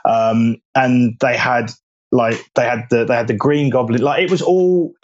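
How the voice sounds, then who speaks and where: A man from England reminisces as a podcast guest, his talk fond and meandering. His voice sits at a middle pitch and comes through slightly muffled, lo-fi audio. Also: steady tone, a little slow. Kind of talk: casual nostalgic chat.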